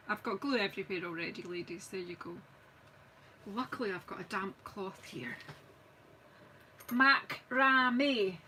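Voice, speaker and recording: A woman's voice: mid-range voice, sharp tone, a little hiss or hum, poor audio. Chatty Scottish woman crafting live. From Scotland. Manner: chatty, self-mocking, talks while working. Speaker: craft demonstrator. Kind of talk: live-streamed crafting chat.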